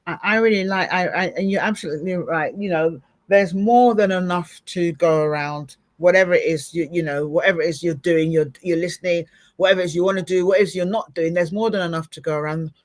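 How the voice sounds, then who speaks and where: A middle-aged woman hosts a podcast, chatting casually in an interview and acting out little scenes as she goes. She's animated and expressive, with a lowish voice that moves a little fast.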